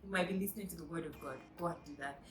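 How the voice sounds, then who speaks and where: A woman's voice: lowish voice, very fast, echoey room, slight background noise, low-quality recording. A woman vlogger giving a chatty, emphatic self-help talk straight to her viewers.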